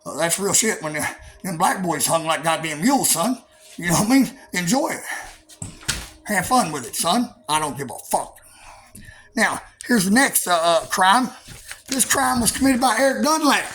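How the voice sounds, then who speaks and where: High-voiced, combative man. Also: animated, normal speed, background noise. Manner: combative, profane, stammering with many fillers. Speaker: vlogger. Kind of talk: angry profane monologue to camera.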